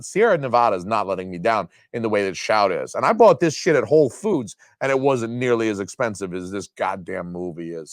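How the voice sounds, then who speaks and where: A man in his thirties, a video host ranting with heavy swearing and sudden jumps up and down in pitch. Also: dry recording, studio quality. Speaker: video host reviewing disc releases. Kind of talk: profane comedic rant.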